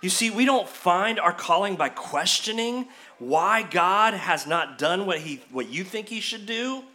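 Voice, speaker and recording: Male pastor, high bright voice, lively church sermon that dramatizes the excuses he quotes. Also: unhurried. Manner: animated preaching, acts out quoted excuses in a higher voice. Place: church sanctuary.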